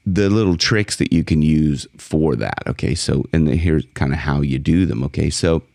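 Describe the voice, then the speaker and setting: Gravelly-voiced male vocal coach. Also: moderate pace, a little mellow, no echo, studio quality. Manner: speaks in a low fry, then jumps high to sing song lines in demonstrations. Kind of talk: singing lesson with demonstrations.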